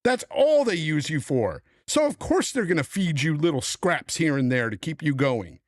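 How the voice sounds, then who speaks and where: A man's voice: on the high side, sing-song, moderate pace, dry recording, studio quality. A middle-aged man hosting a podcast panel, on a heated, profane rant about the industry. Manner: angry, profane, emphatic ranting. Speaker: podcast host.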